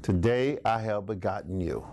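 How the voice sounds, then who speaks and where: A middle-aged man teaches a Bible class in a folksy sermon style, speaking at normal speed in a slightly mellow voice on the low side. He laughs often and asks the class questions.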